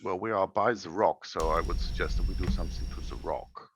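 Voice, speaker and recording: A man playing in a tabletop game, speaking in a polite, measured way. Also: low voice. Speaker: player. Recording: noisy recording.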